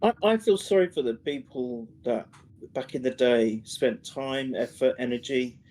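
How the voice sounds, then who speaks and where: A British man co-hosting a live review stream, speaking slowly and earnestly with halting restarts. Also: medium pitch, a little mellow, rough recording. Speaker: co-host.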